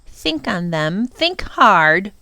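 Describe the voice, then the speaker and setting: A woman reading a storybook aloud, voicing a sly male villain who threatens in a slow, measured, ominous way. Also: medium pitch, sing-song, gravelly, pushed and bright, no room sound, exaggerated voice. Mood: menacing.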